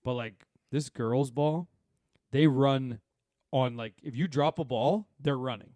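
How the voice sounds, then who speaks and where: Sex: man. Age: 30s-40s. Role: podcast co-host. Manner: animated, rambling storyteller. Sound: dry, close. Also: mid-range voice, a little slow, no room sound. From Saskatchewan, Canada. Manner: animated storyteller, rambling with many fillers and asides. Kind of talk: casual chat.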